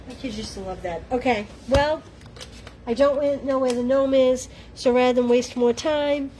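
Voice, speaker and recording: A woman's voice: fairly high pitch, mellow, a little hiss or hum, poor audio. A middle-aged woman with a Boston accent hosting a live crafting demo, chatting to viewers in a self-deprecating way. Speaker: craft livestream host.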